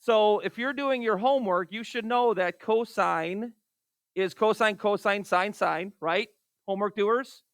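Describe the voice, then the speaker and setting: A man's voice: high voice, measured pace, a bit bright, dry recording. A man teaching a math class, calling on students by name and exasperated by wrong answers. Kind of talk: classroom lecture.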